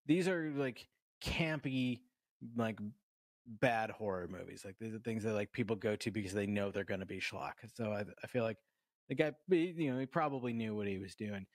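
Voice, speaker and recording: A man's voice: fairly low pitch, normal speed, dry recording. A man co-hosting a casual movie review podcast, talking in a rambling way with many fillers, restarts and swearing. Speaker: podcast co-host.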